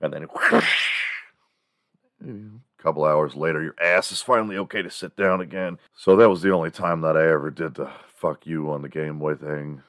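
Very deep-voiced man telling rambling stories. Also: fairly even intonation, brisk, no echo, studio quality. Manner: rambling, profane, laughs at his own stories. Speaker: morning show host. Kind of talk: casual comedic storytelling.

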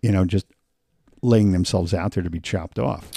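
Gravelly, husky podcast co-host man. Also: sits low, warm tone, no room sound. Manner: steers the talk with questions, quick agreeing interjections. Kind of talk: casual chat.

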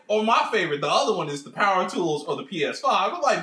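A man's voice: fast, hardly any pauses, reverberant. A man co-hosting a podcast, ranting in casual banter with a mocking, profane, laughing delivery. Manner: animated, profane, mocking rants with big pitch jumps and laughs. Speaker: podcast co-host.

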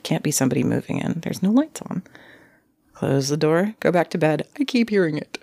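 A woman casually telling a ghost story from her youth, lively and acting out creaking sounds and other people's voices. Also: low voice, quick pace, dry recording, clean studio sound. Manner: animated, acts out creaks and quoted voices.

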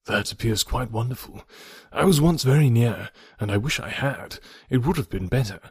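A man reading the part of an impulsive, charming young gentleman in a storybook, earnest and effusive. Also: medium pitch, lively intonation, moderate pace, husky, no echo, clean studio sound. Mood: rueful.

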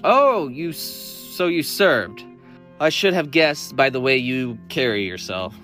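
A sneering, self-satisfied cleric in red robes, put on by a male narrator for an audio story, pitched noticeably higher than the reader's own voice. He stretches his words out theatrically and mocks whoever he is talking to. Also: animated, fairly bright tone, soft background music. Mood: sarcastic. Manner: mocking, drawn-out and theatrical.

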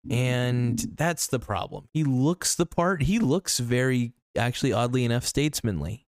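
A man's voice: mid-range voice, a little mellow, dry recording, studio quality. A young man ranting bluntly and crudely into his own video, rambling with restarts. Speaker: political vlogger. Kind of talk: ranting monologue to camera.

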